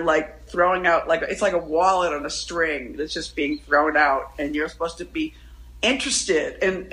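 A woman poet talks as a guest in a casual interview. Her tone is bright and sharp, and she rambles and interrupts herself with animated energy. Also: lowish voice, slightly rough, rough recording.

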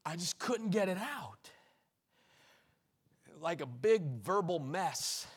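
A middle-aged male preacher delivering a sermon, shouting rhythmic repeated lines and dropping to quiet storytelling. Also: sits high, expressive, slow pace, breathy edge. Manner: swings between shouted exclamations and quiet storytelling; repetitive, rhythmic preaching cadence.

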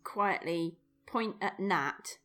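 A woman's voice: lowish voice, takes it slowly, a bit bright, soft background music. A woman playing in a tabletop game, chatty and wry. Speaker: player. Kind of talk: casual tabletop role-play.

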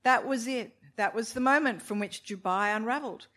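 A woman reading a novel aloud in a measured, expressive storytelling manner, with occasional asides to her listeners. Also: on the high side. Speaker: reader of a novel.

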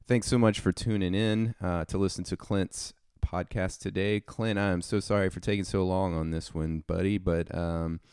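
Man, podcast host, very low voice, smooth, rambling casual chat, dry sound. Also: fairly even intonation, normal speed, few pauses, darkish tone, no echo. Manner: easygoing, rambling with many fillers.

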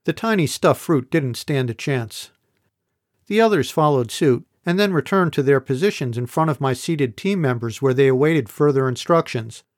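A man's voice: medium pitch, animated, normal speed, no echo. Man reading a novel aloud, dry. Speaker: audiobook narrator. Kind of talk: first-person novel narration.

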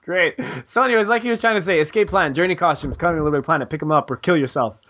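A man's voice: on the high side, racing, fairly bright tone, dull audio. A man hosting a gaming podcast, joking and teasing his co-host in casual, rambling banter.

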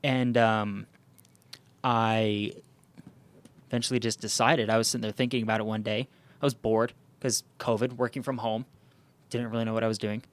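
A man's voice: lowish voice, level tone, normal speed, long pauses. A man hosting a podcast, telling a hiking story in casual chat, with lots of "um" and "like" and frequent restarts. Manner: rambling, many fillers and restarts. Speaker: podcast host.

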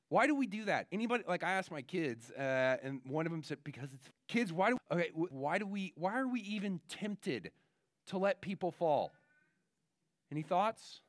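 A pastor with a fairly high voice gives a children's sermon, animated and full of little fillers as he tells a story. The sound is dry and close, with hardly any room around him. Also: no room sound.

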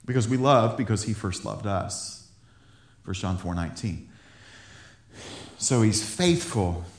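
A man's voice: fairly low pitch, unhurried, echoey room. A man giving an informal Bible teaching, enthusiastic and laughing often, stumbling over repeated words as he talks.

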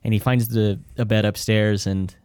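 A man's voice: on the low side, fairly even intonation, normal speed, a little mellow, clean tone, no room sound, studio quality. A man casually talking through a film's scenes with friends, rambling and restarting as he retells them. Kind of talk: casual film discussion.

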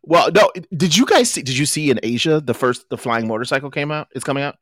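Male podcast co-host, animated and rambling, middle pitch, dry close mic. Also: quick pace, no echo. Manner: animated storyteller, many fillers. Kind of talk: casual chat.

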